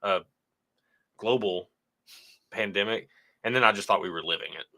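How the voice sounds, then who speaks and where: A low-pitched man with a bright, forceful tone talks casually on a livestream. He keeps a laid-back, joking manner while reading viewer messages aloud. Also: moderate pace. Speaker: whiskey channel co-host.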